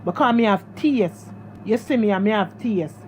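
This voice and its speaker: A woman's voice: mid-range voice, normal speed, a little mellow, a little hiss or hum. A woman with a Jamaican accent tells a personal story in a vlog, talking emphatically, repeating herself and speaking straight to her viewers. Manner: emphatic and repetitive, addressing viewers directly. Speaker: vlogger.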